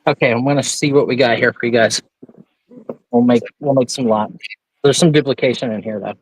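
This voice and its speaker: A man's voice: medium pitch, fairly even intonation, brisk, slightly rough, no echo, rough recording. A man hosting a live auction stream, chatting casually and telling stories as he shows items one by one. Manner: chatty storyteller showing items. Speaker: host.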